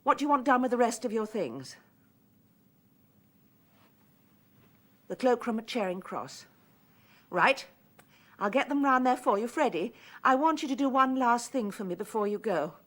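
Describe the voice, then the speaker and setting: A woman's voice: on the high side, expressive, normal speed. A desperate, bitterly ironic woman. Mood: strained. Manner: clipped, formal and bitterly ironic. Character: desperate middle-aged woman abandoned by her lover. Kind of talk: 1990s television drama acting.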